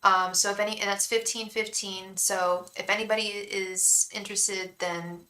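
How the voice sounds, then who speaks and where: A woman's voice: medium pitch, flat delivery, moderate pace, reverberant, noisy background. A young woman from the Bay Area hosting a live tarot stream, chatting casually, venting about her day and chanting a repeated invocation to spirit guides. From San Francisco Bay Area.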